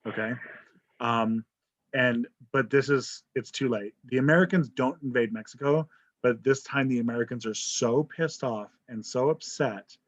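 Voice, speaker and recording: A man's voice: mid-range voice, normal speed. A man teaching an online history class, talking casually, joking and checking in with "right?". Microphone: video call. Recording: dull lo-fi video call audio.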